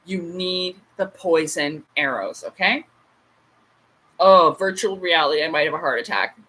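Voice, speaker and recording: A woman's voice: fairly low pitch, a little slow, pushed and bright, low-quality recording. A woman in her late thirties hosting a casual livestream chat, a rambling storyteller with frequent asides. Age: late 30s. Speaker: livestream host.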